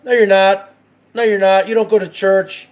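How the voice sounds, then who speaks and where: A man's voice: sits high, level tone, normal speed, faint music behind. A man hosting his own show, ranting in heated, profane, repetitive commentary. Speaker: show host.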